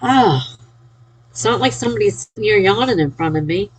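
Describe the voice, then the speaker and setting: Sleepy husky-voiced woman streaming. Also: medium pitch, expressive, a little fast, rough recording. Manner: reads and cheers chat messages. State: sleepy, yawning. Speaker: livestreamer. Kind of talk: casual live-stream chat.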